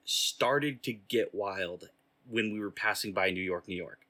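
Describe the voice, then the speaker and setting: A low male voice with a bright edge belongs to a man in casual podcast chat. He tells his stories in a wry, offhand way. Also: unhurried.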